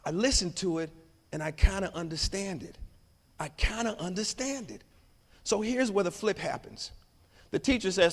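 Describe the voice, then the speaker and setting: A man delivers a motivational conference speech and tells his stories with dramatic swings in loudness. His voice sits high for a man. The sound carries a long reverb from a large hall. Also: animated, normal speed. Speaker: conference keynote speaker.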